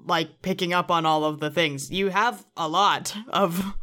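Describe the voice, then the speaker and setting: A woman's voice: on the low side, a little slow, fairly bright tone. A young woman from the United States co-hosting a podcast, chatty and prone to trailing off. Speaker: podcast co-host. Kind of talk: casual chat.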